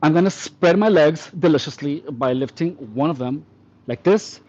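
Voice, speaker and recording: A man with a somewhat high voice leads a workout with tongue-in-cheek instruction, counting reps and praising himself in a mock-delicate way. The recording sounds dull and lo-fi. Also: normal speed, darkish tone. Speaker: fitness trainer.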